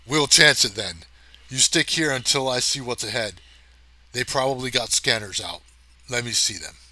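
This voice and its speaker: A man voicing a burly, brash male space ranger who talks loud and gruff. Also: medium pitch, moderate pace. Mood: gruff bluster.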